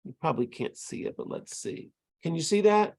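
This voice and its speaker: With a voice on the high side, brisk and a little mellow, this man uses lively intonation as he trains language tutors online. Heard over a video call, he breaks things down step by step and taps out rhythms in syllables.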